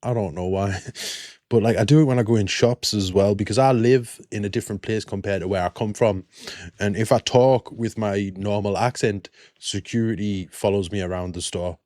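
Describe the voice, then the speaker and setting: A man's voice: fairly low pitch, warm tone, no room sound. Chatty British man, dry sound. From Britain. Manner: chatty, quick to laugh. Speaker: reaction video host. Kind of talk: casual reaction commentary.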